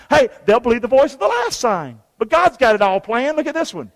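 This pastor's voice is extremely high, sing-song and a bit bright, moving fairly quickly with hardly any pauses. He delivers a folksy, conversational sermon, reading scripture and leading call-and-response. Long reverb from a big hall surrounds him.

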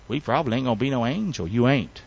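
A man preaching a sermon in a folksy, call-and-response style, swinging between loud emphatic shouts and low hushed tones. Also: expressive, quick pace, gravelly, slightly rough. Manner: folksy, colloquial delivery. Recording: dull, dry, lo-fi recording.

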